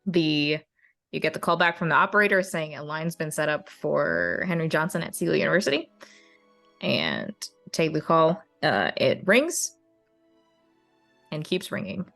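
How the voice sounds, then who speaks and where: A woman narrating a tabletop game as game master in a measured way. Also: sits low, sing-song, vocal fry, fairly bright tone, soft background music. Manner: slow, measured narration with fillers.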